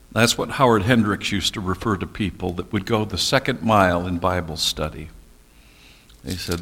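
A man teaching a Bible study class, reading scripture deliberately and making folksy, teasing asides to his listeners. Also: lowish voice, fairly bright tone.

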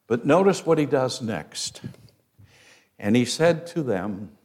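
Male preacher, lively pitch, slow deliberate sermon delivery with dramatic swings in loudness. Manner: dramatic, acts out quoted voices, swings from loud to hushed.

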